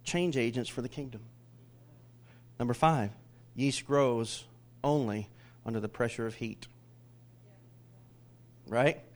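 A middle-aged pastor preaching a sermon, animated, drawing the congregation into call-and-response, swinging between loud declarations and hushed asides. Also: male voice, mid-range voice, takes it slowly, long pauses.

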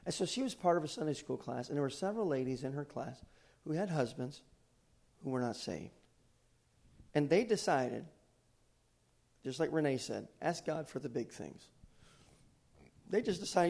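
A man preaching a sermon in a church, swinging from loud fervent declarations to quiet, folksy storytelling. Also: fairly high pitch, expressive, normal speed, vocal fry. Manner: preaching with rising intensity, then quiet storytelling. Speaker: pastor. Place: church sanctuary with balcony.

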